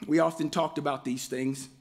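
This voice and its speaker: A man's voice: on the high side, normal speed. A man, a pastor, giving a heartfelt storytelling eulogy at a memorial. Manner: heartfelt, storytelling, breaks into lively voiced quotes.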